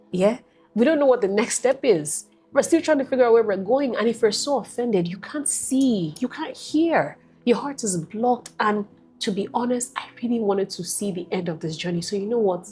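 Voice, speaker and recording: A woman sharing a personal faith testimony as a guest, telling it in an emphatic, lively way. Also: mid-range voice.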